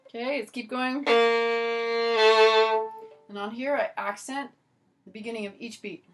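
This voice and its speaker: A woman teaches violin in a video lesson, chatty and encouraging, often starting with "so" and "okay." Her voice is a little high and a little slow, and loud violin playing sounds between her phrases.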